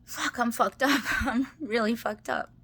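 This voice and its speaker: A woman with a fairly high voice speaks in a rambling confessional monologue, stumbling through restarts and filler words. She sounds emotional and close to tears. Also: unhurried, a bit bright, slightly rough. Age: adult, married. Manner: rambling, restarts, many "like"s, tearful laughs. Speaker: personal vlogger.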